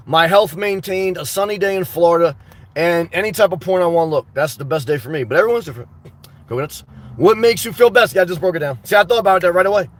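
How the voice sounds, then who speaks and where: High-pitched guy rambling thru his live chat, blunt crude jokes, lots of restarts, dry sound. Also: dry recording. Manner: rambling and off-the-cuff, with frequent restarts. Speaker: livestream host reading chat. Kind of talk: casual live-chat talk.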